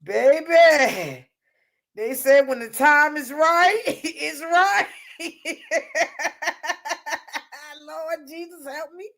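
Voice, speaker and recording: A woman's voice: high voice, extremely slow, long pauses, fairly bright tone. A woman hosting a casual live stream and reading the chat out. She laughs often, calls on the Lord and swears freely.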